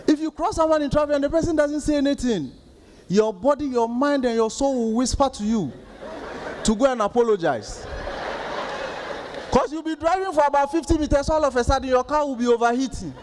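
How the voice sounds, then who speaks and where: A man in his thirties with a Ghanaian accent doing stand-up comedy, telling stories in an animated way and acting out the outbursts of others. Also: extremely high pitch, fairly quick, noisy background.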